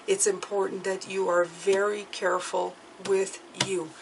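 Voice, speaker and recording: A woman giving a tarot reading to her viewers, speaking gently and reassuringly and often checking in with "okay?". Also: mid-range voice, flat delivery, a little slow, vocal fry, background noise. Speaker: tarot reader.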